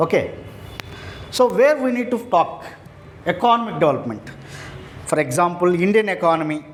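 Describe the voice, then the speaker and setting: Lively high-voiced man lecturing. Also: a little hiss or hum. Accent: Telugu. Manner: repeats key terms, asks rhetorical questions. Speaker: exam coaching teacher. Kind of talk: classroom lecture.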